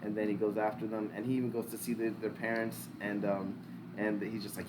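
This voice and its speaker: A man's voice: fairly low pitch, little pitch movement, fairly quick, background noise. A man talking loosely as a podcast co-host, rambling through a show recap with lots of fillers, restarts and casual swearing. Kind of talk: casual pop-culture discussion.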